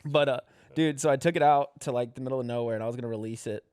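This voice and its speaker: A man's voice: mid-range voice, rapid-fire, darkish tone, smooth, no room sound. A young man, a guest comedian, telling a rambling, profanity-laden story in casual podcast chat, laughing as he goes.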